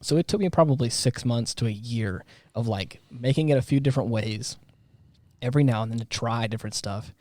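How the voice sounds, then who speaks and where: Mellow-voiced man chatting on a podcast. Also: medium pitch, a little fast, dry recording, studio quality. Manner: rambling, lots of fillers and restarts. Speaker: podcast co-host. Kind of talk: casual chat.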